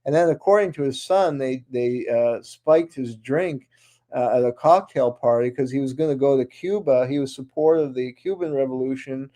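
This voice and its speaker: A man's voice: medium pitch, moderate pace, dark tone. A man speaking as a guest on a radio interview show, talking in long runs with many restarts and fillers. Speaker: guest author.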